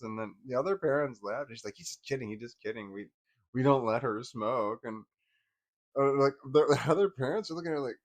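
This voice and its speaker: A man in his forties casually telling personal stories, wry and laughing at first, trailing off into bitter quiet. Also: mid-range voice. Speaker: vlogger.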